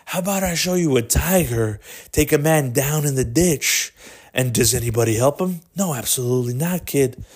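A man's voice: medium pitch, lively intonation, normal speed, a little mellow, slightly rough. A man voicing a personified app algorithm as a sly, pushy male drug dealer offering hits. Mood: wheedling. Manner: wheedling, coaxing, pushy.

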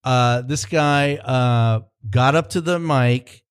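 A man with a mid-range, smooth voice speaks slowly in a casual podcast interview. A cultural consultant and consulting producer, he tells long, rambling stories with frequent restarts and fillers.

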